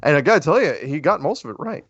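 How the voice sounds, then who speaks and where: A man's voice: on the high side, animated, quick pace, fairly bright tone, husky, dry recording. A man hosting a call-in talk show, rambling and correcting himself as he goes, and laughing easily. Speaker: radio show host. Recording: lo-fi dry audio.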